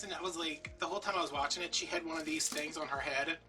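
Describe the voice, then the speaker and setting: A man's voice: fairly high pitch, fairly even intonation, quick pace. A man chatting in a rambling, filler-heavy way while he works on a craft project at home. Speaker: crafting YouTuber. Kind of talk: casual chat while crafting. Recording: distant mic with soft background music.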